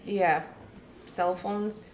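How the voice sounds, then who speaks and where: A woman talking earnestly about household rules for children, in a measured way with frequent "um"s. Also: mid-range voice, steady tone, darkish tone. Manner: measured, earnest, uses many fillers. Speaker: family show co-host, mother. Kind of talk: casual family chat.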